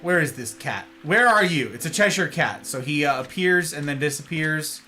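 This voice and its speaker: A man's voice: fairly high pitch, expressive, moderate pace, bright, forceful tone, soft background music. A man casually commentating a video game live, playful and chatty, greeting his viewers. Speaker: game streamer.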